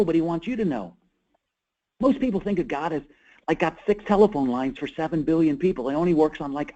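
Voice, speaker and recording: A man's voice: high-pitched, poor audio. A man being interviewed as an author on a call, telling stories with energy and acting out dialogue. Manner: energetic, acts out quoted dialogue. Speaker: author and guest. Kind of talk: animated storytelling interview. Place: call or webinar.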